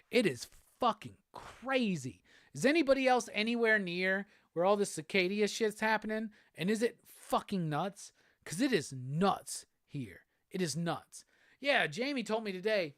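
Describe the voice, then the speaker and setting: This man's voice is high-pitched, captured dry and clean in a studio. He's a Southern US livestream host reading viewer comments in a relaxed, foul-mouthed way, cursing and laughing a lot.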